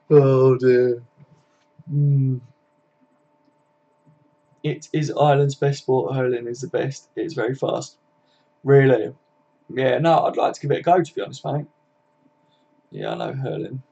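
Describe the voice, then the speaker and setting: A man with a thick Scouse accent chats bluntly and casually on a live stream, swearing freely as he reads out viewer comments. His voice is dark and mellow. The audio is dull and lo-fi. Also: mid-range voice, takes it slowly, creaky, pauses often. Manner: blunt, chatty, swearing, frequent laughs. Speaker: fan channel live streamer.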